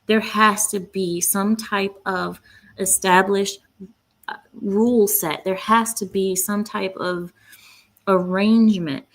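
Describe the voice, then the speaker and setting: A woman's voice: mid-range voice, steady tone, slow. A woman hosting her own commentary channel, speaking bluntly and with indignation, often breaking off to read quotes aloud. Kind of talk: opinionated solo commentary.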